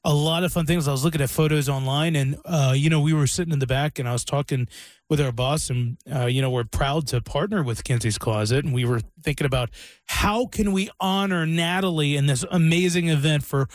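A man's voice: a little high, a little fast, no echo, studio quality. A man hosting a radio show, chatting in an upbeat, playful way. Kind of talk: casual chat.

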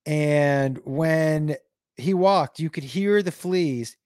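A man with a somewhat high voice tells a story to his live chat, stopping and restarting often and leaning on fillers. The sound is dry and close, with no room echo. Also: a little mellow. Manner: halting, full of restarts and fillers. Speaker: livestream host.

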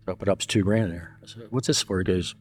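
Blunt, profane older man with a low voice. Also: quick pace. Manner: blunt and profane, telling stories with quoted dialogue. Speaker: interview guest. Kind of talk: casual storytelling.

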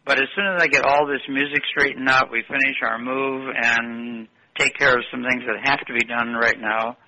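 Gravelly older man telling stories. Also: mid-range voice, level tone, normal speed, bright, forceful tone, dull audio, a little hiss or hum. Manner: rambling, anecdotal, self-correcting. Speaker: guest. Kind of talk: interview storytelling.

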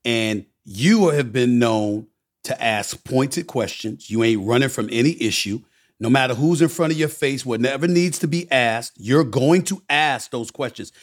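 A man hosting a candid interview who asks long, emphatic questions. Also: mid-range voice. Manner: emphatic, drawn-out questions with repeated stressed words. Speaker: interviewer and host.

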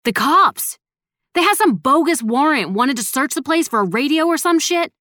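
A woman's voice: high-pitched, measured pace, a bit bright, no room sound, studio quality, pitched above the performer's own voice. A woman voicing a young man who explains an injustice in a firm, collected way. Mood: tense.

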